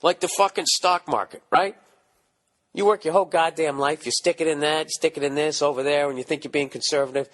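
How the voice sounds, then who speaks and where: A man in his forties with a Boston accent, hosting a podcast, ranting casually with lots of profanity; his voice is hoarse from screaming. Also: fairly high pitch, a little fast. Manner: profane, animated ranting with mocking asides. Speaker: podcast host.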